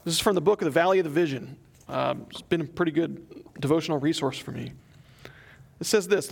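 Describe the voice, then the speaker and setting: A man's voice: on the high side, a little fast, creaky, husky. A young adult man preaching a sermon, reading a prayer aloud and telling a story in an earnest, conversational way. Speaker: pastor.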